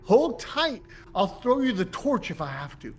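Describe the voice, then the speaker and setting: Animated, playful player; big pitch swings, faint noise on the line. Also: a little fast. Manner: playful, loud in-character outbursts. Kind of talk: casual tabletop play.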